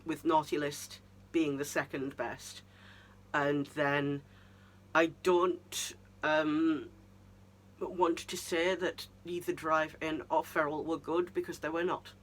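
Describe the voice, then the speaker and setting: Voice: mid-range voice, a bit bright, slight background noise. Vlogger ranting about a show, kinda incredulous, keeps restarting sentences. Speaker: vlogger reviewing a TV season. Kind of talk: casual review monologue.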